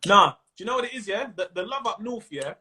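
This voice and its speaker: A high, bright-voiced man with a London accent talks in a relaxed interview. He is animated, peppers his talk with street slang and keeps slipping into quick impressions of other people. His tone is sharp and forward. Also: a little hiss or hum. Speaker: comedian guest. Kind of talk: casual interview chat. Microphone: Instagram live stream.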